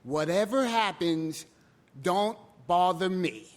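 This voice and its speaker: A woman's voice: on the low side, expressive, slow pace. A man voicing his worried stepmother, firm and pleading, in a live told story. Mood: warning. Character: worried stepmother, older woman, warning and blunt.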